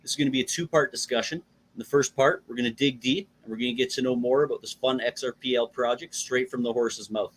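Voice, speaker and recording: A man's voice: mid-range voice, fairly even intonation, fast talker, a little hiss or hum. Upbeat male podcast host. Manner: upbeat, scripted intro then loose chat. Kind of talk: casual interview.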